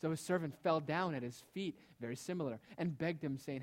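Male preacher, sermon, emphatic, rhetorical questions, soft trailing endings, somewhat high voice. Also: brisk.

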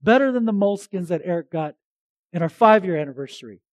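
High-pitched guy pastor preaching, chatty and lively, dry close sound. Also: fast, no echo. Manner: conversational, animated preaching with restarts. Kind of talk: sermon.

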